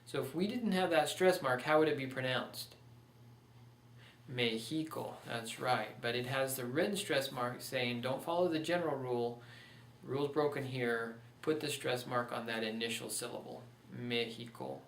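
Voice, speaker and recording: A man's voice: mid-range voice, moderate pace, far from the mic, a little hiss or hum. A man teaching a recorded Spanish pronunciation lesson, patiently walking through examples step by step. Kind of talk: recorded online lecture. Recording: echoey room, voice off-mic.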